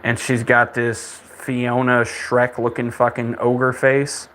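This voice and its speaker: A young man at middle pitch rants in a casual monologue, heavy with swearing and open contempt. He rambles, stammers and restarts his sentences while his anger builds. His voice sits in an ordinary register, neither deep nor high. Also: completely flat delivery, slow, fairly bright tone, slight background noise. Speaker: podcast host.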